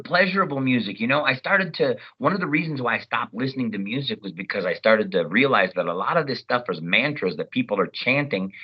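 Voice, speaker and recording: A man in his forties, a voice actor guest, talks casually and with lots of animation, slipping into playful voices. His audio comes through a little dull and lo-fi, at a medium pitch. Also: slightly rough. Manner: animated, breaks into loud sung snippets and mimicked voices. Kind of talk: casual interview chat.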